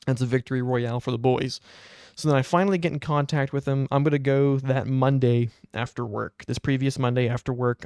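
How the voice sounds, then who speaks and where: Smooth-voiced young man telling a wry story. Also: medium pitch, no echo, clean studio sound. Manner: animated, wry storytelling with quoted asides. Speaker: podcast host. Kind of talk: casual anecdote telling.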